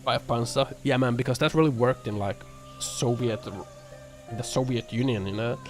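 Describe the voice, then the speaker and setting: A man's voice: medium pitch, moderate pace. A man streaming live and chatting with viewers, sarcastic and profane, rambling with lots of fillers. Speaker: livestreamer. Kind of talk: casual livestream chat reacting to viewer comments. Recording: music bed under the voice. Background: music playing.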